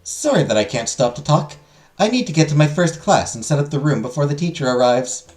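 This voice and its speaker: A man voicing a hurried, polite schoolgirl in a game, close to his own voice. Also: a little high, very animated, darkish tone, soft background music.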